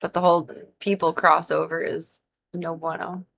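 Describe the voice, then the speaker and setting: A woman's voice: low voice, level tone, moderate pace, gravelly, fairly bright tone, a little hiss or hum. A young woman hosting a casual gaming livestream, chatting in a rambling way full of "like", sleepy and a little stuffy-nosed. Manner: rambling, chatty, many "like" fillers. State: sleepy, yawning, stuffy nose. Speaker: livestream host. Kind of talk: casual gaming stream chat.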